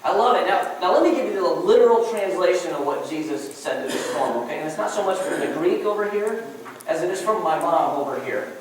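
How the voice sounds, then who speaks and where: A man's voice: high voice, lively intonation, brisk. Conversational male preacher, chatty and jokey, roomy church sound picked up from afar. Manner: conversational and joking, many restarts. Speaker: pastor. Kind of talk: sermon. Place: church sanctuary. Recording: distant mic with echoey room and faint noise.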